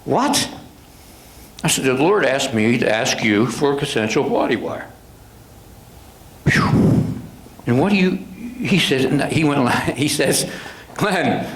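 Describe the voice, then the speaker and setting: An older man, a police sergeant, talks to a club audience. He retells old exchanges with judges and attorneys, acting out each of their voices. His voice sits a little high, and the room gives it a clear echo. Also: very animated, a little slow, a little hiss or hum. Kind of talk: anecdotal storytelling talk. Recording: echoey room.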